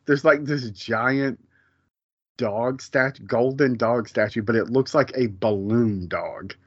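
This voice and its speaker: A man's voice: medium pitch, slow, husky, no room sound, highs cut off. A man co-hosting a podcast, chatting casually in a rambling way with many fillers and restarts. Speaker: podcast co-host. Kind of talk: casual chat.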